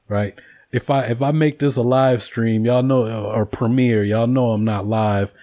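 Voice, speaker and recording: A man's voice: on the low side, measured pace. A man with a casual rambling delivery, profane and joking as he tells stories to his viewers. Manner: profane, joking, animated storytelling. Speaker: vlogger host.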